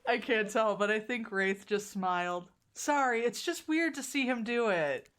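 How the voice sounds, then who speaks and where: A woman's voice: fairly high pitch, unhurried. Woman streamer reading a game aloud. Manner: lively, laughs often, does voices for characters.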